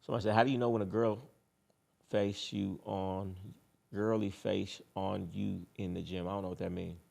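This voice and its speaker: A low-voiced man with a gravelly edge delivers a casual dating advice monologue. He talks bluntly and boastfully, swears freely, and hammers his points home by repeating them. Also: level tone, normal speed, a little mellow.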